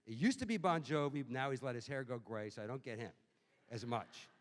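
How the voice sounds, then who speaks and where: A middle-aged man from telling profane, animated comic anecdotes at a book event. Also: medium pitch, a little fast. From Boston. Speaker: author guest. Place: bookstore event hall. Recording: reverberant hall, live audience.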